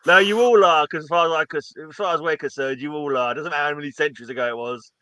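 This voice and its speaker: A man in a casual chat, teasing and quick with a laugh. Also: on the high side, pushed and bright, no echo.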